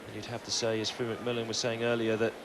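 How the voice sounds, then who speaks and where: A man giving live play-by-play commentary on a tennis match in a measured, informative way. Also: lowish voice, completely flat delivery. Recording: noisy old TV broadcast.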